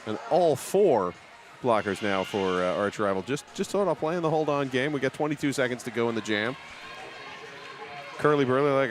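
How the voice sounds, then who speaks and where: A man's voice: medium pitch, lively intonation. A man doing live play-by-play commentary, chatty and joking between calls. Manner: joking, conversational, quick asides.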